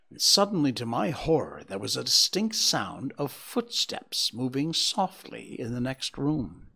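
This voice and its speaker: Male audiobook narrator, theatrical storytelling, very lively pitch. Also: gravelly, husky. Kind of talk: dramatic storytelling reading.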